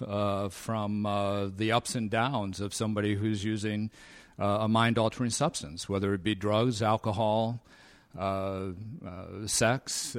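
Man, 50s, convention talk; low voice, hesitant, bone-dry wit. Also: a bit bright, dry recording. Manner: halting, frequent fillers, dry sarcastic humor. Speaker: speaker sharing recovery story. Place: convention meeting room.

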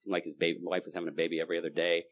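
Fast-talking man telling his story. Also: low voice, flat delivery, lo-fi sound. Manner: rapid, punchy storytelling with repeated phrases. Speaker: recovery meeting speaker. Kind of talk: personal testimony talk.

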